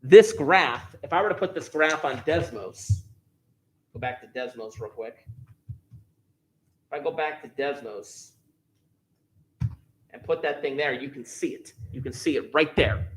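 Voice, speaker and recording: A man teaching a math class, explaining each step in order. He repeats the key points and puts heavy stress on important words. His voice sits at an ordinary middle pitch. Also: expressive, a little slow, long pauses, breathy edge. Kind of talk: classroom lesson.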